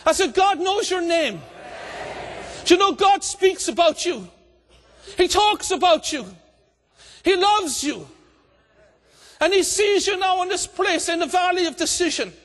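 A man preaching an impassioned evangelistic sermon, calling out and shouting to a congregation. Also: very high-pitched, animated, measured pace, long pauses. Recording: long hall reverb.

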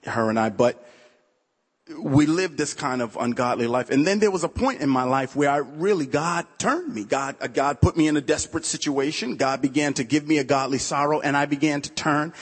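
A man's voice: a little high, normal speed, husky, in a large hall. A man, a pastor, telling his own testimony during a sermon in a conversational, storytelling way, full of "you know" asides. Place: church sanctuary.

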